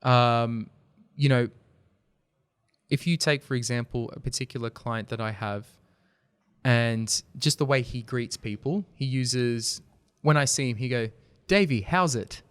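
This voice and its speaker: A man speaking in a smooth, clean voice at a middle pitch. He tells stories earnestly as a podcast guest and livens up when he makes a point. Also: measured pace, dry recording, clean studio sound. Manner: earnest, storytelling, animated when making a point. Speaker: podcast guest, video company founder. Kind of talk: casual conversational interview.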